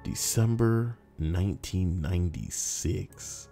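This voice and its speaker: A man's voice: low-pitched, lively intonation, moderate pace, a little mellow, soft background music. A young man casually reading out forum posts, rambling and sarcastic, with frequent swearing. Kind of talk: casual reaction commentary.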